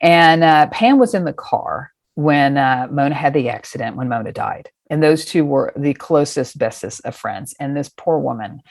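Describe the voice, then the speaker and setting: A middle-aged woman with a low voice tells a personal story in a casual, animated way. She acts out the scenes and swears freely. The sound is dry and close. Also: normal speed, creaky, few pauses, no room sound. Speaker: guest.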